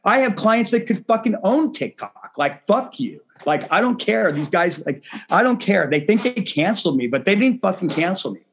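A man's voice: high-pitched, sing-song, normal speed, few pauses, slightly rough. Profane, heated man. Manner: profane, rambling, filler-heavy "like" talk; heated, indignant. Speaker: podcast guest. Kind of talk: casual interview talk.

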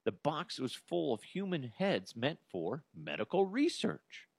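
Male comedy host, lively swooping delivery, crude humor, dry close sound. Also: on the high side, a little slow, gravelly, husky, dry recording. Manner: animated and profane, jumps into silly voices. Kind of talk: comedic news commentary.

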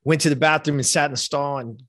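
A man's voice: on the high side, steady tone, fast talker, a bit bright. A man in his fifties from the United States tells a heartfelt personal story as a podcast guest. He talks casually, leans on "like" and "you know", and swears now and then. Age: 50s.

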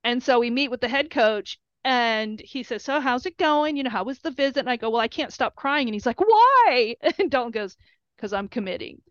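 A woman's voice: a little high, a little fast, few pauses, fairly bright tone, no room sound, dull audio. A middle-aged woman, a mother, telling a story casually and emotionally, with many fillers and quoted dialogue. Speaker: mother of a college football player.

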